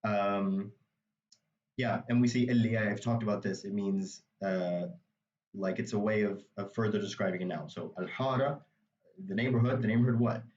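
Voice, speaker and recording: A man's voice: lowish voice, moderate pace, darkish tone, echoey room, recorded from a distance, dull audio, slight background noise. A man teaching a language, explaining a reading passage step by step in a patient way with many asides. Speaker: Arabic dialect teacher.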